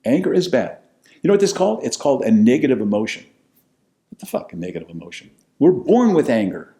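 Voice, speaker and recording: An older American man telling stories from his own life, blunt and profane, swinging between loud bursts and low asides. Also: huge pitch swings, fast talker. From United States. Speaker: podcast host telling his life story. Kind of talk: casual storytelling monologue.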